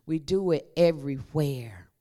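A woman's voice: low voice, unhurried, dark tone. A woman preaching a conversational sermon and calling on the congregation to repeat her words. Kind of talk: sermon with call and response.

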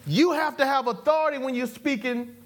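Fairly quick and steady in tone, this preacher's very high voice leads the congregation in call-and-response. He exhorts them with repeated catchphrases, chuckling as he moves from point to point.

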